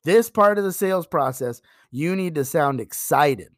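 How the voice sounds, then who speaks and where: A man giving a sales training talk, emphatic and animated, acting out pitches to customers. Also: normal speed, dry recording, clean studio sound.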